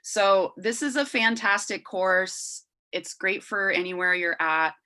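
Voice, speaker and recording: A woman's voice: mid-range voice, unhurried, bright, forceful tone, rough recording. A woman presenting a farming course on a video call over Bluetooth earbuds, chatty with lots of fillers. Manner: chatty, filler-heavy, loses her words. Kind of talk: online meeting presentation.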